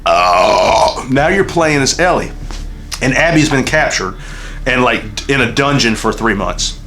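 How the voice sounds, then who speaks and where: A man's voice: medium pitch, expressive, a little slow, bright, forceful tone, soft background music. Rambling, cursing Southern man. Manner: rambling, emotional, swears constantly. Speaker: channel host reviewing a game. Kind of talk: casual unscripted review chat, heavy profanity.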